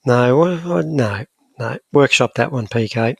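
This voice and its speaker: Gravelly man bantering on a podcast. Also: medium pitch, unhurried, fairly bright tone, no echo. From Scotland. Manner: jokey, rambling banter. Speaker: podcast co-host. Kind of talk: casual chat.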